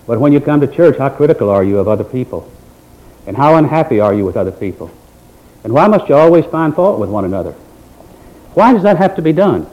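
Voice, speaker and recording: A man preaching a sermon in a folksy, dramatic manner, with mocking asides in a quiet voice. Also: mid-range voice. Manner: folksy Southern-style preaching with dramatic swings in volume. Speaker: pastor. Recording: dull lo-fi recording.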